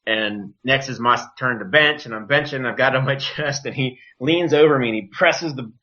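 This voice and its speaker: A man with a bright, forceful voice tells a story in a casual, animated way, cursing freely and mimicking others. The podcast audio is dull and lo-fi. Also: medium pitch, moderate pace. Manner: animated, profane, acts out quoted voices. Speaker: wrestler, podcast guest.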